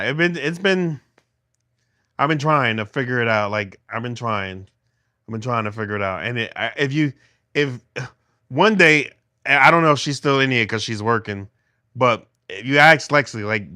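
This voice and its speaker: Holding his phone at home, a middle-aged man livestreams a casual, rambling chat with viewers, often restarting his sentences. His voice is medium-pitched with a sharp tone, captured in dry, studio-quality audio.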